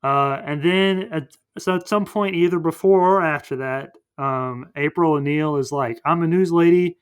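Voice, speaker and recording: A man's voice: on the high side, fairly even intonation, moderate pace, clean tone. A man hosting a podcast, casually recapping a movie in a rambling way full of fillers. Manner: rambling, filler-heavy retelling. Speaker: podcast host.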